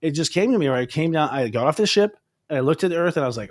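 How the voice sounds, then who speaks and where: A man with a fairly high voice talks quickly as he hosts a casual chat. He rambles in an excitable way and trips over his own restarts. He fills the gaps with "you know" and "like". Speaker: astrologer host.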